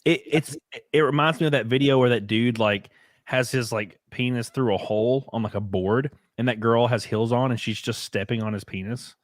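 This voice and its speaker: A man's voice: medium pitch, moderate pace, no echo. Laid-back, jokey man, dry sound. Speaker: guest. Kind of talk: casual livestream chat.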